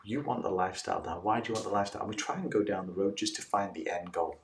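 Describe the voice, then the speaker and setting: A man's voice: sits low, very fast, gravelly, slight background noise. A man guest coach in a casual interview, telling stories animatedly and acting out his clients' replies. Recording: roomy, distant mic with faint ambience.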